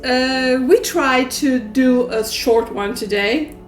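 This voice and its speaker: A woman with a high voice hosts a casual spiritual chat, talking slowly in loose, rambling phrases and laughing often. She sounds like she is in an echoey room. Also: faint music behind. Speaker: podcast host reading oracle cards.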